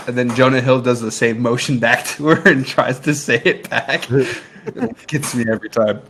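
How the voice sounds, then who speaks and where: A man's voice: medium pitch, moderate pace, slight background noise. A man co-hosting a casual movie review podcast, retelling scenes with lots of laughter. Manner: animated, laughs often while retelling scenes. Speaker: podcast co-host.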